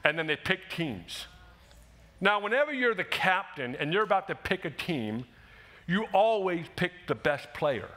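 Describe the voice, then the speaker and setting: A man preaching a sermon in a church, animated and conversational, acting out quick quotes as he goes. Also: high-pitched. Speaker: pastor. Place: church sanctuary.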